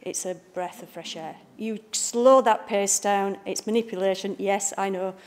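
A woman's voice: mid-range voice, fairly even intonation, normal speed. A woman with a Northern English accent, a picture book art director giving a chatty, jokey talk to a live audience. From Bradford, northern England. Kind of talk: informal public lecture. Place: library event room with a live audience.

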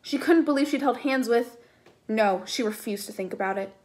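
A woman reads a novel aloud in a plain, steady narration, now and then stepping aside to comment casually. Her voice sits slightly higher than most. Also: moderate pace. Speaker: reader.

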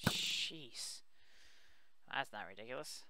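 A man's voice: medium pitch, lively intonation, slow pace, very noisy. A young man giving casual let's play commentary, exclaiming and muttering at the enemies he fights. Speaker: gaming video host.

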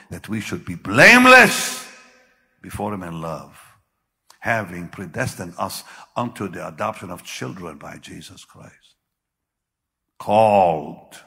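An older male pastor delivers a dramatic sermon in a slow, deliberate cadence. His low voice is gravelly yet bright and cutting. It rings out with the long reverb of a large hall. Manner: dramatic preaching with sudden loud bursts and slow drawn-out phrases.

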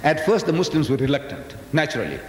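A man's voice: on the high side, sing-song, fast, slight background noise. An older man from South Africa giving a public lecture to a live audience, folksy and teasing, often questioning his listeners directly. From South Africa, of Indian descent. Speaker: Islamic lecturer. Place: large lecture hall with audience. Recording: echoey hall, 1980s live recording.

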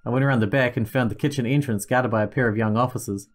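A man's voice: mid-range voice, fast. A man hosting a gaming channel, reading an interactive story game aloud, with small slips he corrects. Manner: steady reading, occasional slips and self-corrections.

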